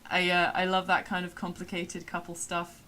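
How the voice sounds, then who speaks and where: A woman's voice: lowish voice, completely flat delivery, normal speed, bright, forceful tone. A woman from England with a Somerset accent, chatting casually on a live stream, rambling with many fillers and laughs. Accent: Somerset English. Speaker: streamer and voice actor.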